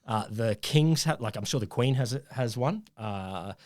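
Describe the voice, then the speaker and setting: A man's voice: medium pitch, lively intonation, measured pace. A middle-aged Australian man co-hosting a casual science podcast, telling a story in a rambling, self-correcting way.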